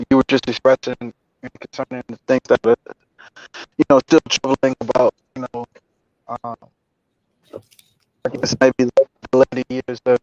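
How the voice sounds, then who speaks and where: A man calling in to a live stream who talks slowly and reflectively, leaning on fillers and restarts. His voice comes through a dull, muffled call line with a dry sound. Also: medium pitch, no echo. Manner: halting, many fillers, reflective. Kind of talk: casual call-in chat.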